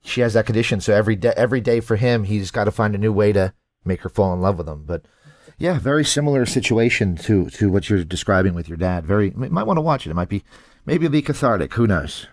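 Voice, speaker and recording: A man with a lowish voice hosts a casual interview. He listens quietly and responds with support. The sound is dry and close to the mic. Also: lively intonation, fast, no room sound. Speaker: interview host.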